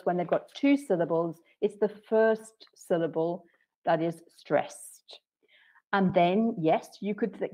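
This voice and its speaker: A woman training English teachers in an online session, explaining patiently and clearly with frequent "okay"s. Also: mid-range voice, mellow, rough recording. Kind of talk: webinar teaching talk.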